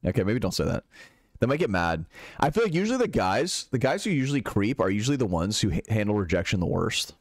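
A man's voice: lowish voice, sing-song, quick pace, dry recording, clean studio sound. A young man streaming live, casually chatting and answering viewers' chat questions while swearing freely.

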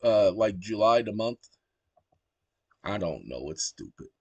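A man's voice: fairly low pitch, sing-song, measured pace, slightly rough, no echo. A man hosting his own channel, talking casually as he walks through a screen share and dictates commands aloud to a voice assistant at his computer. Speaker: channel host.

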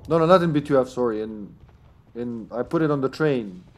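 A man streaming an online game with friends, joking loudly, swearing and cheering at the action. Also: mid-range voice, a little fast, faint music behind. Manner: excitable, swears and jokes loudly. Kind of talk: casual gaming chat.

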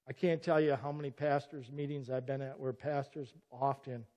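A man's voice: medium pitch, flat delivery, moderate pace, dark tone. A middle-aged man preaching a sermon as pastor, earnest and emphatic, often cutting in with "listen" to press a point. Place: church sanctuary. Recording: long church reverb.

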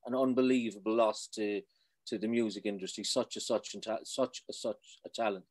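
Quick-talking Irish poet, soft-spoken. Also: male voice, lowish voice, steady tone. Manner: quick, self-deprecating, trailing off softly. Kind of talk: casual interview chat.

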